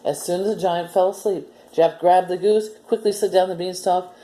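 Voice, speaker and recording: Female story time host for kids; low, mellow voice, gentle and patient. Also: steady tone, moderate pace, a little hiss or hum. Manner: gentle, explaining step by step. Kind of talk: reading a story aloud to children, then a simple demo.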